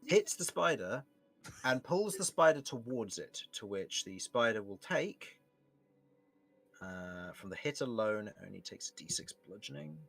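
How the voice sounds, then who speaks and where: A young man narrating as game master, relaxed and often laughing, with frequent restarts. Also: fairly low pitch, unhurried, creaky, slightly rough, soft background music.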